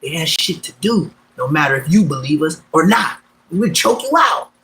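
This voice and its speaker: A man casually telling stories on a livestream, slangy and streetwise, swinging between loud bursts and mumbled asides. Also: a little high, animated, moderate pace, gravelly, rough recording. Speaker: livestream host.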